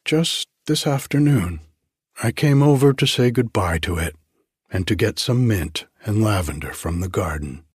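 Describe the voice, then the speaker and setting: A man voicing a spirited seventeen-year-old girl in an audiobook, speaking gravely and a little stately. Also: fairly low pitch, expressive, measured pace, a little mellow, dry recording, studio quality. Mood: wistful.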